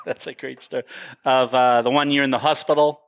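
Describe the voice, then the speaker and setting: A man hosting a casual interview podcast, agreeable and quick with short backchannels of assent. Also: medium pitch, level tone, clear, resonant tone. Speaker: podcast host.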